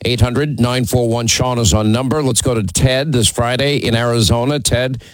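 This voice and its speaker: A man's voice: mid-range voice, moderate pace, no echo, poor audio. Man, talk radio host, opinionated, teasing, dry close sound.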